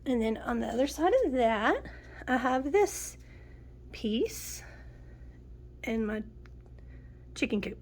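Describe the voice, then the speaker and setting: A woman's voice: fairly high pitch, expressive, takes it slowly, pauses often, a little mellow, slight background noise. A middle-aged woman giving a chatty home tour, nasal and sniffling from a cold. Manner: chatty, homey, lists items one by one. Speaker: home decor vlogger. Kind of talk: casual home tour narration.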